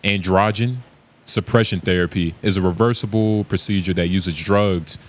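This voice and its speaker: A man with a fairly low voice holds forth in a loose podcast argument. He curses freely and pushes his point over the others. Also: fairly even intonation, normal speed. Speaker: podcast co-host. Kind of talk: casual chat.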